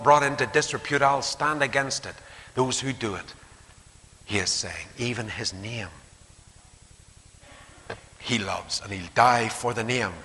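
A man preaching a sermon, animated, acting out quotes and dropping to hushed asides. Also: mid-range voice, a little hiss or hum. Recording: long hall reverb.

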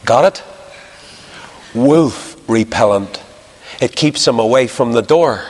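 A man preaches with a chatty, animated delivery, his pitch leaping up sharply to drive points home. His voice sits in the middle register. It rings out with a long reverb tail, as if from a large hall. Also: slow. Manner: animated, jumps in pitch for emphasis. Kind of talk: sermon.

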